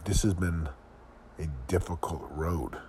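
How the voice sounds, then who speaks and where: A middle-aged man with a very low voice talks through a personal reflection for his podcast. His delivery is earnest and confessional, full of searching questions. A faint hum of room ambience sits behind him. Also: fairly even intonation, measured pace, warm tone. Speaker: podcast host.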